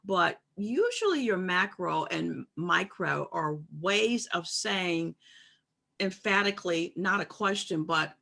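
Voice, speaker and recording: A woman co-hosts a casual discussion, making her points carefully in a reflective, emphatic way and acting out remarks she quotes. Her fairly low voice is slow, bright, and forceful, with big pitch swings and vocal fry.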